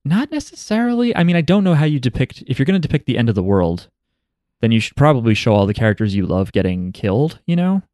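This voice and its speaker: A man co-hosting a casual podcast chat, talking in animated bursts full of "like". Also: medium pitch, fast talker, no echo, clean studio sound. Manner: animated, talks in bursts with many "like"s. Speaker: podcast co-host. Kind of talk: casual chat about an anime.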